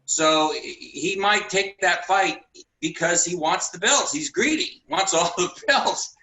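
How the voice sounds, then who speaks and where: Bright-voiced man rambling about boxing. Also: sits high, a little slow, roomy sound, low-quality recording. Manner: rambling, repeats words, laughs while talking. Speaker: boxing show co-host. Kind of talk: casual sports talk.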